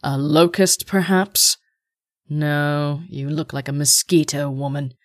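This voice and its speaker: A woman's voice: low voice, steady tone, slow, no room sound, clean studio sound, pitched below the performer's own voice. Woman voicing a sneering hornet guard. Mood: mocking. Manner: mocking, demanding. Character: smug, entitled male hornet guard.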